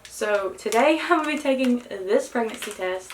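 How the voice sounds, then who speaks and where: A young woman, vlogging casually to camera, excited and nervous, with many gasped exclamations. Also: a little high, normal speed, echoey room, slight background noise, poor audio. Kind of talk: casual vlog talk to camera.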